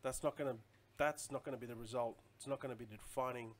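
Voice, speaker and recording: A man's voice: medium pitch, fairly even intonation, quick pace. A man chatting casually on a live stream, rambling loosely and answering viewer comments as he goes.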